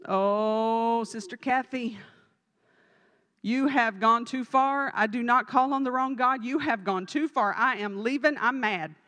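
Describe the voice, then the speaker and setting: A woman's voice: fairly high pitch, a little slow, fairly bright tone. A woman preacher voicing an offended, indignant churchgoer, in a church hall with long reverb. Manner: huffy, indignant.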